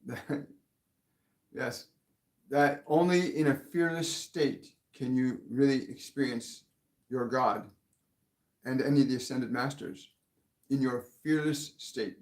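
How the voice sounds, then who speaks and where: A man hosting a live channeling session. He relays spirit messages in an earnest, measured way, laughs softly and often restarts his sentences. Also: medium pitch. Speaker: spiritual medium and show host. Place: home living room. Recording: echoey room.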